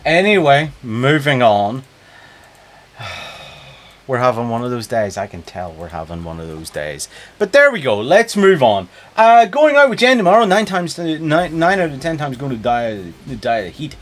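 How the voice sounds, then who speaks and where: A man's voice: medium pitch, normal speed. A man streaming a game, talking casually and jumping between topics with chat. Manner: animated, chatty, jumps between topics.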